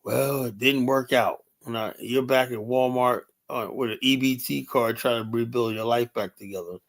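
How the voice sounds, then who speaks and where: An older man hosting a livestream, talking casually and bluntly, swearing often and leaning heavily on "you know". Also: medium pitch. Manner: rambling, blunt, profane, many "you know" fillers. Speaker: livestream host. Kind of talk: casual livestream talk reading chat.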